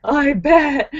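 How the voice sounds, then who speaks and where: A woman hosting a casual live stream from home, chatting with viewers and telling stories with animated voiced reactions. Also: high-pitched, breathy edge, dry recording. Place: home in Los Angeles. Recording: dull lo-fi sound.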